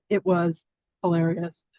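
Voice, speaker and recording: A woman's voice: fairly low pitch, level tone, slow, dry recording. A woman hosting an online spiritual masterclass over a video call, talking in a casual, effusive and affectionate way. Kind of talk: casual live-stream chat. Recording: dull lo-fi stream audio.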